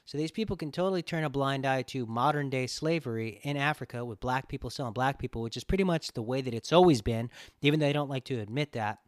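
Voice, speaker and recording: A man's voice: medium pitch, fast talker, dry recording, clean studio sound. A man hosting a podcast, talking bluntly in a profane, ranting casual chat. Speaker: podcast host.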